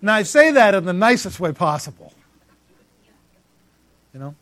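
Emphatic, high-voiced male pastor preaching. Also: sing-song, moderate pace, a bit bright, no room sound. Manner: emphatic, repetitive, calls out congregants by name. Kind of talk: sermon.

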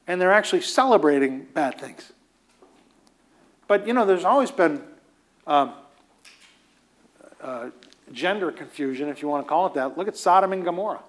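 A man's voice: fairly high pitch, expressive, normal speed, long pauses. A man preaching a teaching sermon in a conversational way, with emphatic repetition and casual asides. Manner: emphatic, repeats phrases for stress.

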